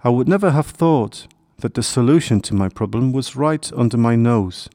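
A man's voice: medium pitch, expressive, normal speed, dark tone, close to an everyday voice. A man voicing a young, polite little hedgehog who speaks earnestly and hopefully in a children's story. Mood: grateful. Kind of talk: storybook character voice.

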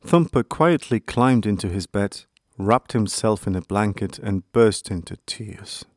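A man narrating a children's bedtime story in a calm, measured way. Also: fairly low pitch, dry recording, clean studio sound.

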